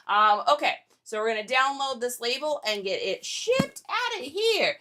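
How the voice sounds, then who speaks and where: A woman's voice: sits high, big pitch swings, a little slow, sharp tone. A young woman hosting a casual reselling livestream, chatting and joking with viewers while packing orders. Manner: chatty, joking, reads viewer comments aloud.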